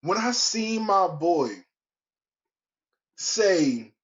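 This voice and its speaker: A young man talks slowly through a solo podcast, loose and slangy, often stopping to restart a thought. His voice sits at an ordinary pitch. The sound is dull and lo-fi. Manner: rambling, relaxed, slangy with restarts. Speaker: podcast host. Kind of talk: casual solo podcast chat.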